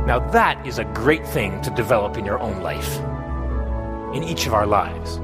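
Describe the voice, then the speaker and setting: A man's voice: medium pitch, very animated, moderate pace. A man preaching a sermon, asking his listeners direct questions and voicing a psalm's pleas with rising intensity. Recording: long hall reverb with faint music behind.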